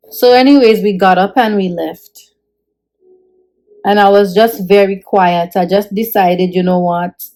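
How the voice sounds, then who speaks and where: A woman's voice: medium pitch, fairly even intonation, a little slow, darkish tone, rough recording. A woman telling an emotional personal story in a casual vlog, acting out the people she quotes. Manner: earnest, emotional retelling with quoted dialogue.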